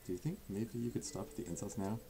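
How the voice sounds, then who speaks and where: A man voicing a blunt young male protagonist in a fan-made visual novel, speaking in his own low, dry voice. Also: steady tone, fast, dark tone, faint music behind, lightly acted.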